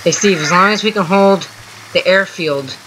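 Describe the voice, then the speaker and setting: A gameplay host giving casual, excitable running commentary from home while chatting with a teammate. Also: medium pitch, moderate pace, background noise. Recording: game music clearly heard underneath. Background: music from the game.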